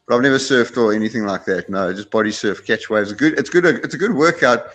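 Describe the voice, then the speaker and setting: A man, relaxed and laid-back in casual chat, using local slang. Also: mid-range voice, a little fast.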